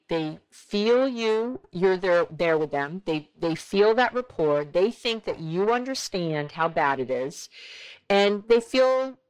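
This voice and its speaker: A woman in her forties, a therapist hosting a relationship advice podcast, talking animatedly and acting out bits of dialogue. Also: low-quality recording. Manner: animated, acts out quoted dialogue with big pitch jumps.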